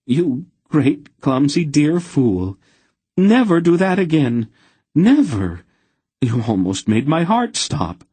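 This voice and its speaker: A man voicing a fierce, protective sorceress who scolds in a sharp, raised voice. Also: deep voice, expressive, measured pace, slightly rough, no echo, full character voice. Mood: angry.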